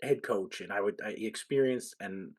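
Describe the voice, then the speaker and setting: A man co-hosting a sports podcast who chimes in with short agreements and gives longer, halting takes with restarts. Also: on the low side, darkish tone, slightly rough. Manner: brief agreeing replies, then longer halting takes with restarts and a little swearing. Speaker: podcast co-host. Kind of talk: casual sports talk.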